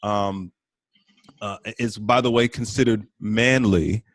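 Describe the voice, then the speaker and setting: A man's voice: on the low side, steady tone, slow pace, dry recording. A man hosting a podcast, responding to his guest with encouraging, upbeat advice. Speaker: podcast host. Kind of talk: conversational interview.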